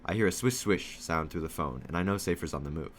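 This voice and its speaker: A man reading a children's novel aloud in steady first-person storytelling, lightly voicing the dialogue. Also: deep voice, quick pace, slight background noise.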